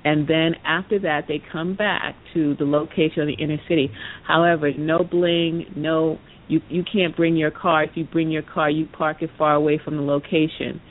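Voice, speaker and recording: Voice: level tone, moderate pace. A podcast speaker telling a story in a casual, rambling way, with many "you know" asides. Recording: tinny phone line with faint rumble.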